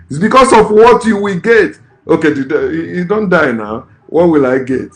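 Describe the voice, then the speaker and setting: A man's voice: on the high side, animated, normal speed, fairly bright tone. A man, a vlogger giving ranting, scornful political commentary in a blunt way. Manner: blunt, scornful, repeats curses.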